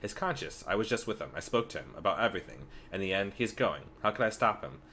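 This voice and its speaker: A man quietly reading aloud the lines of a cryptic girl changeling in a game. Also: sits low, expressive, fast, slight background noise.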